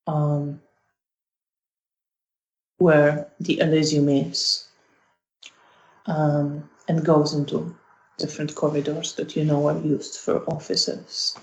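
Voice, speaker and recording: A game master narrating a tabletop session at an unhurried pace, pausing on many ums. The voice is gravelly, and the echoey, slightly muffled recording makes the room sound large. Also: medium pitch. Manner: slow narration with frequent ums. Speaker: storyteller. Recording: echoey, slightly dull audio.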